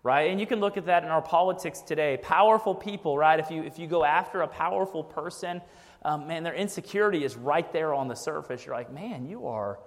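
A man's voice: a little high, a little fast. A man preaching a casual, conversational sermon, peppering his points with "like" and "right?". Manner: casual, frequent "like" and "right?" asides. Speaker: pastor. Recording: long hall reverb.

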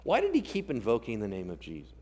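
A man preaches a sermon with a voice that swings widely and expressively in pitch. He tells the story casually, slipping into modern everyday voices for the biblical characters and checking in with his listeners for agreement. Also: wildly swooping pitch, fast, a little mellow. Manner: addresses the congregation directly, asking for agreement. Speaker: pastor.

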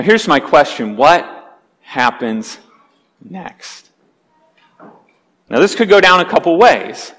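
A man preaching a sermon, telling a vivid story and acting out its scenes with growing intensity. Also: high-pitched. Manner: animated storyteller, acts out scenes with rising intensity. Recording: long hall reverb.

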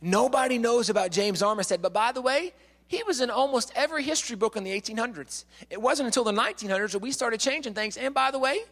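High-voiced man lecturing in a hall. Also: quick pace. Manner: lively, acts out quotes, repeats words. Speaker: speaker. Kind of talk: animated storytelling lecture. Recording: long hall reverb.

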